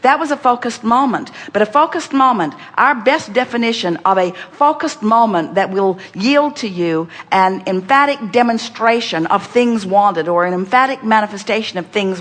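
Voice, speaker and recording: A woman giving an inspirational spiritual talk, speaking as "we" and addressing the listener directly, emphatic and repetitive, with sudden jumps in pitch and volume. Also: normal speed. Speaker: spiritual teacher channeling a group voice. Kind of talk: inspirational talk to a seminar guest.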